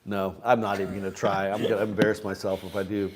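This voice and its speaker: Man, livestream host, casual chatty talk, reads viewer comments, slightly low voice. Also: flat delivery, quick pace, noisy background. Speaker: livestream host selling instruments. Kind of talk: casual live-stream chat.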